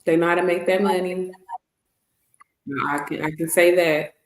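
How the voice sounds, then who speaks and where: A woman in casual chat, relaxed and agreeable, chiming in. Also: fairly low pitch, normal speed. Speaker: co-host. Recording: echoey room with faint noise.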